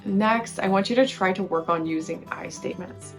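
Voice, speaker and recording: A woman's voice: mid-range voice, normal speed, gravelly. A woman hosting a relationship-advice video, explaining points conversationally to the camera and often asking rhetorical questions. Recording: faint guitar music behind.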